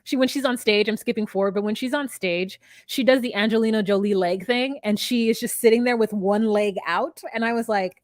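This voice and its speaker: A woman's voice: on the high side, brisk, hardly any pauses, dry recording. A woman co-hosting a podcast, recapping a show in casual gossipy chat. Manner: gossipy, mimics people in quotes. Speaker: podcast co-host.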